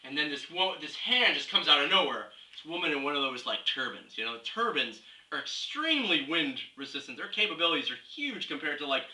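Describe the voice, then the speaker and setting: A young comedy video blogger with a fairly high, sing-song voice talks a little fast and barely pauses, his tone bright and forceful. He launches into a rambling, scatterbrained comic rant full of mock-serious reasoning, jumping from topic to topic. The recording is distant, in a roomy space with faint hiss.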